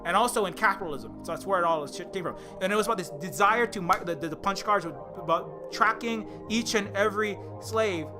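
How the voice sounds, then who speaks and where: A man's voice: high-pitched, fairly quick, hardly any pauses, over music. A man on a live stream, ranting heatedly and sarcastically, stumbling over restarts and mocking people as he goes. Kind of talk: rambling political rant on a live stream.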